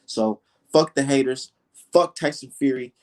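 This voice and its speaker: A man's voice: mid-range voice, a little slow. A young man ranting heatedly and profanely straight to his viewers in a casual vlog. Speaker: vlogger.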